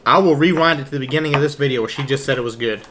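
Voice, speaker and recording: A man's voice: medium pitch, very fast, heavy background noise. A man co-hosting an eating show, chatting casually and teasing as he eats. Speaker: mukbang co-host. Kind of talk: casual chat while eating.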